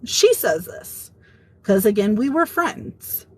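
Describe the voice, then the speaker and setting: A woman telling a workplace story straight to the camera in a casual vlog. She talks in an animated way, acting out what her coworkers said, at a middle pitch. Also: slow pace, slightly rough, poor audio. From Italian heritage. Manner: animated retelling, quoting others.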